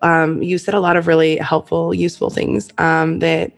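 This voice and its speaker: A woman's voice: sits low, level tone, normal speed, vocal fry. Canadian lady hosting a podcast, chatty, giggles a lot. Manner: giggly, laughs often between phrases. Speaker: podcast host. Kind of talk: casual chat.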